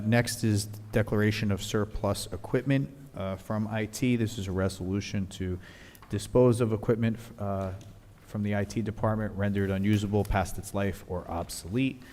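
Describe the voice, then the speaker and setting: A man's voice: on the low side, darkish tone. Matter-of-fact man reading agenda items. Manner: matter-of-fact, with frequent fillers. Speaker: village staff presenting agenda. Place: council meeting hall. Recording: reverberant hall with faint noise.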